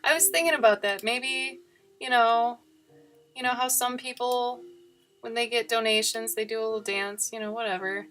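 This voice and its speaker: A woman's voice: on the high side, fairly even intonation, normal speed, a bit bright. A woman with a slight Minnesotan accent, chatting and joking casually while she paints on a livestream. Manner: chatty, joking, playful outbursts. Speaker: livestream host.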